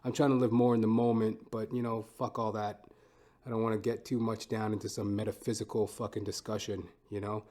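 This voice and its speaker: A man's voice: lowish voice, level tone, brisk, warm tone. A man hosting his own podcast, talking in a casual, rambling, profane and self-mocking monologue from home. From Canada. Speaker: podcast host.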